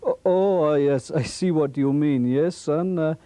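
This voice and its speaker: An actor playing a kindly, thoughtful father in a puppet Bible story, speaking slowly with chuckles. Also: fairly high pitch, dark tone, no room sound, lightly acted. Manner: slow, hesitant, chuckling.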